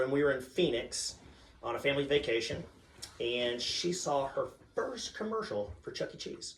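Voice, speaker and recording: A man doing stand-up, telling family stories with deadpan punchlines. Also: on the high side, far from the mic, slight background noise. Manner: deadpan punchlines, acts out a chanting child. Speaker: stand-up comedian. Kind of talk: stand-up storytelling. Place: comedy club stage with audience. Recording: roomy stage sound, a bit off-mic.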